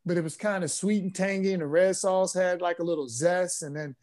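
A man being interviewed on a podcast as a former pro basketball player, telling stories in a relaxed way with plenty of fillers. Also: sits high, fairly quick. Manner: relaxed storyteller, easygoing with frequent fillers.

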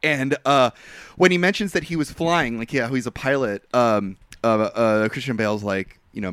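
A man's voice: medium pitch, moderate pace, fairly bright tone, smooth, no echo, studio quality. A man co-hosting a casual movie podcast, swearing often and laughing a lot. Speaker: podcast co-host.

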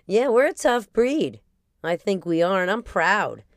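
A woman's voice: medium pitch, big pitch swings, unhurried, no room sound, clean studio sound. A woman from New Jersey with a New Jersey accent, hosting a casual solo podcast in a brash, profane and playful way. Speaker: podcast host.

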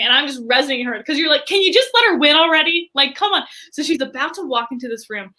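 A high-pitched woman with a bright, forceful tone tells a story as an interview guest. She talks in a chatty, expressive way, scattering "like" through her sentences. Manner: chatty, frequent filler "like", expressive. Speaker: entrepreneur and podcast guest. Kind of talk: animated storytelling in conversation.

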